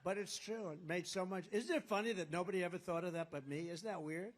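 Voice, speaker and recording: A man speaks to a rally crowd, his voice sitting rather high for a man. He rambles and boasts, circling back to the same phrases again and again. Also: fast talker. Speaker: political candidate. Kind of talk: campaign rally speech. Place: rally at a golf resort.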